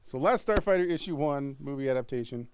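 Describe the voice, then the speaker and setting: A man's voice: mid-range voice, lively intonation, fairly quick, a little mellow, a little hiss or hum. A man co-hosting a comic shop live-stream sale, teasing his partner and rattling off prices and book conditions in casual patter.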